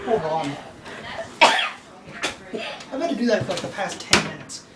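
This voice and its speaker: A man telling a comic story to the camera, excitable, laughing through his lines and acting out what people said. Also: sits high, slow pace, pauses often, a loud crowd. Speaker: vlogger.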